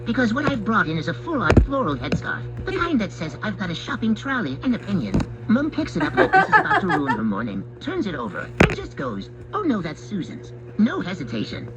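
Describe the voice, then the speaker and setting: A man's voice: high voice, rough recording. Wry man narrating as a cat. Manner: wry, deadpan, mock-serious. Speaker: narrator speaking as a pet cat. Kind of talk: comic first-person storytelling. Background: background music.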